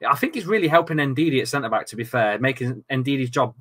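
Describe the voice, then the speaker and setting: Excitable man, bright voice. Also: medium pitch, quick pace. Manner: animated, loud outbursts, swearing; casual banter with friends. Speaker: football watchalong host. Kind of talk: excitable live match commentary.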